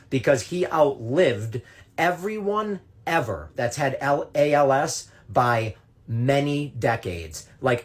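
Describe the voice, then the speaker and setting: Indignant man ranting to camera. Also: mid-range voice. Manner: indignant, sarcastic, combative. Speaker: content creator. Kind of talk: ranting direct-to-camera monologue.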